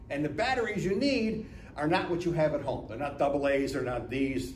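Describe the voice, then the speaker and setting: A man in his seventies from Northeast Ohio tells stories at a business talk, acting out the people in them and checking in with "right?". His voice sits a bit high for a man. The mic picks him up from across an echoey room with a faint hiss. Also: darkish tone, recorded from a distance. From Northeast Ohio, USA. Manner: chatty storyteller, acts out dialogue, keeps asking "right?". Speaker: guest speaker at a business lunch talk.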